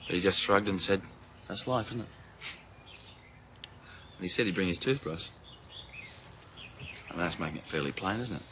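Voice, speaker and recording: An actor playing an easygoing young man, a devoted son who talks in a chatty, gently coaxing way. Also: low-pitched, moderate pace, long pauses, slight background noise. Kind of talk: film acting.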